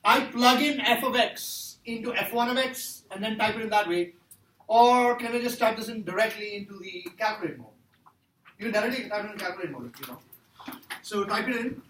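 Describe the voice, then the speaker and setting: A man teaches math with a high, brisk, slightly bright voice, cracking jokes and quizzing his students as he goes through problems. It's a classroom lecture, captured from a distance in an echoey room with faint noise.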